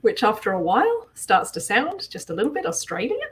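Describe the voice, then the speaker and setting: With a medium pitch, huge swings, and a breathy edge, she talks a little fast. She co-hosts as an artist, comes from southeast England with a Kentish accent, and chats casually with sentences that tend to rise at the end.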